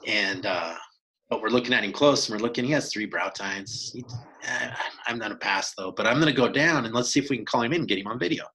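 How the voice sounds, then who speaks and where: Bright-voiced man telling a hunting story. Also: mid-range voice, fast, low-quality recording. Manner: animated, acts out quoted dialogue, many restarts. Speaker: podcast co-host telling a hunt story. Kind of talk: casual storytelling chat.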